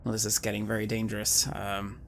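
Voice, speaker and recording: A man's voice: fairly low pitch, monotone, brisk, gravelly, fairly bright tone, a little hiss or hum. A man playing in a tabletop game, hesitantly thinking aloud about his moves. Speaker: player.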